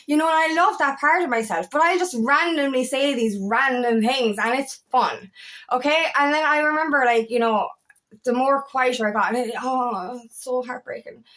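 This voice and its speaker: A woman's voice: sits high, normal speed, fairly bright tone. A woman empowerment coach talking to camera in a heartfelt vlog, rambling and often swearing, her voice catching with emotion. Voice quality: eccentric, quirky talker. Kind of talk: emotional personal vlog monologue.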